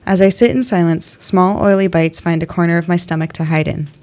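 A young woman of eighteen reading her own literary essay aloud in a steady, measured way. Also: lowish voice. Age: young adult.

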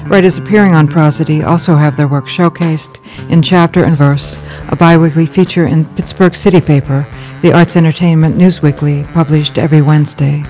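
A woman's voice: sits low, steady tone, fairly quick, hardly any pauses, warm tone, faint music behind. Woman radio host introducing readers.

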